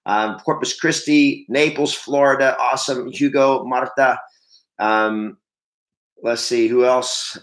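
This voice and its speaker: Bright-voiced man hosting a live stream. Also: mid-range voice, steady tone, slow, reverberant. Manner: rambling, self-correcting, greets viewers by name. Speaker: livestream host and real estate trainer. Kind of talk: casual live stream chat. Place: home training room.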